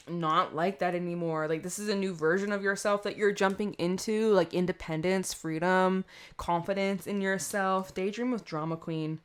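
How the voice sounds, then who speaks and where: A woman's voice: on the low side, smooth. A woman giving a casual tarot reading to camera, chatty and rambling, often laughing at herself. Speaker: tarot reader.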